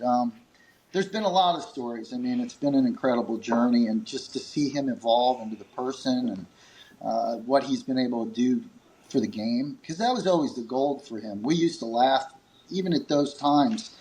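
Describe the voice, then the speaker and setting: Slight background noise sits under this low-quality recording of a man telling a long interview story. He runs a grip company, and he's animated, acting out quotes with pitch jumps and chuckling amid his fillers.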